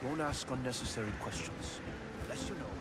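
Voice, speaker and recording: A man's voice: medium pitch, brisk, natural voice. A man voicing a pirate-era trader and sailor in a video game, speaking in short, clipped stock lines. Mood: matter-of-fact. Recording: game voice over loud music.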